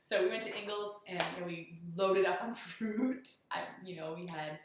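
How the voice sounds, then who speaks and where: A woman's voice: fairly low pitch, normal speed, very echoey, distant mic, noisy background. A woman chatting casually through an after-show recap of a hike. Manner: chatty storytelling. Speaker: hiker vlogger.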